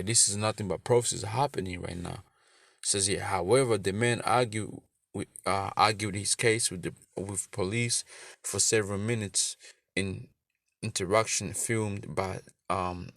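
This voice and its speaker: A lower-pitched man gives a casual religious teaching, reading aloud as he goes. He stumbles and repeats words, drops in curses, and sounds close and dry with no room echo. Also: creaky, fairly bright tone. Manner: stumbling, repetitive reading with profanity. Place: in Australia.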